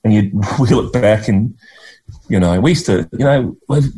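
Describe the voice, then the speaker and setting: A man's voice: fairly low pitch, unhurried, mellow. A middle-aged Australian man, a guest in an interview, telling heartfelt, rambling stories full of restarts. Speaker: guest, actor and writer. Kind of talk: reflective conversational interview.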